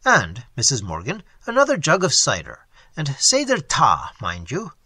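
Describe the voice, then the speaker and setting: A man doing a booming, jovial Welsh countryman. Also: wildly swooping pitch, moderate pace, sharp tone, slightly rough, dry recording, exaggerated voice. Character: hearty florid middle-aged Welsh countryman.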